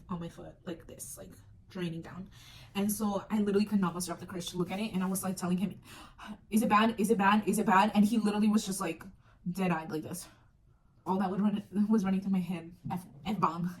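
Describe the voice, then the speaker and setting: A woman's voice: medium pitch, a little mellow. A young woman tells a personal story in a loose, chatty way, packed with fillers and little acted-out bits. She sits a little back from the microphone, with a faint hiss underneath. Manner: chatty, filler-heavy, acts out moments. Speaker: vlogger. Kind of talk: casual storytime chat. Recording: distant mic with faint noise.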